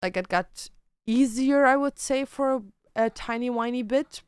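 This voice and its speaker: A young woman who grew up speaking German, streaming, talking in a halting casual way full of fillers and restarts. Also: on the high side, smooth, no echo, studio quality. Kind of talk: casual livestream chat.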